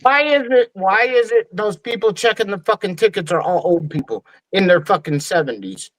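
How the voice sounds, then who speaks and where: A man's voice: high voice, expressive, moderate pace, a bit bright, no echo, poor audio. A man in a casual group chat who rants bluntly and defiantly, with lots of swearing.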